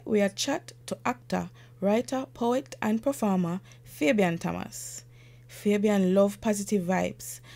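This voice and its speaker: Gravelly Jamaican woman hosting. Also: medium pitch, dark tone. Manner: measured, reading an intro. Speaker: podcast host. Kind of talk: scripted introduction.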